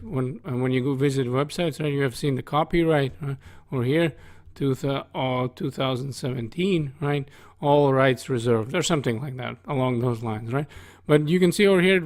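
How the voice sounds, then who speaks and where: A man's voice: medium pitch, a little mellow. A man teaching coding over a screen recording, talking casually and asking "right?" after nearly every phrase. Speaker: coding instructor. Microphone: studio desk microphone.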